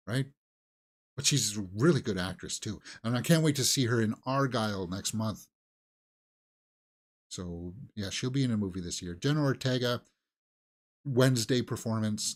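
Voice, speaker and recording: A man co-hosting a movie talk show, chatting casually and thinking aloud with halting restarts. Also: on the low side. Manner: musing, halting, with fillers and restarts. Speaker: movie news co-host. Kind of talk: casual chat.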